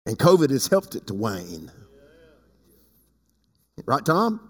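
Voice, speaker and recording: A man preaching a sermon as pastor. He swings from loud, high passages to quiet low asides and calls on people in the congregation by name. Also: big pitch swings, slow, husky. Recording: long hall reverb.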